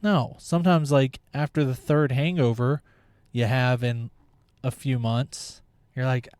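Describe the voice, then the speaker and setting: A man's voice: mid-range voice, steady tone, a little slow, darkish tone, smooth, no room sound. A young man hosting a podcast, talking in a blunt, opinionated monologue and swearing freely. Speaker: podcast host. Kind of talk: casual monologue.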